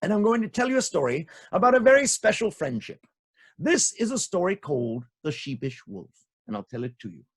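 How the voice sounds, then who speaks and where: A man telling stories to children in an animated, sing-song way, often repeating phrases and talking to the kids. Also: high-pitched, brisk. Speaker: children's storyteller.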